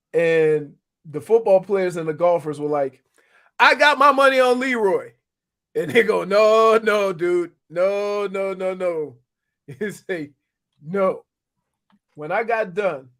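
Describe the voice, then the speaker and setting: Middle-aged male sports radio co-host, light high voice, lively storyteller, casual. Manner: animated storytelling, laughs often. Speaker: sports radio co-host, former NFL player.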